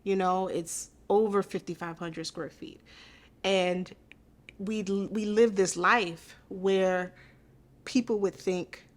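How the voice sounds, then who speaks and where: A woman's voice: medium pitch, fairly even intonation, slow. A woman guest on a podcast, telling a hard personal story in an earnest, intimate way, often repeating her phrases.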